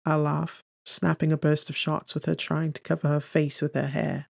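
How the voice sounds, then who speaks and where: A man narrating a first-person romance audiobook in a gentle, unhurried storytelling manner on a close studio mic. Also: on the high side, little pitch movement, creaky, no room sound.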